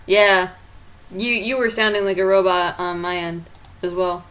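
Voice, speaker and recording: A woman hosting her own drawing stream, chatting casually with a friend, blunt and quick to swear and laugh. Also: fairly low pitch, steady tone, fairly bright tone, poor audio.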